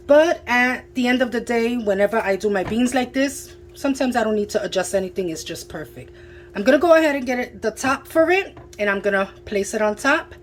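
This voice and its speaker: With food sizzling in a pan behind her, a home cook vlogger speaks in a mid-range voice from her kitchen stove, chatting enthusiastically to viewers. Slight background noise is present.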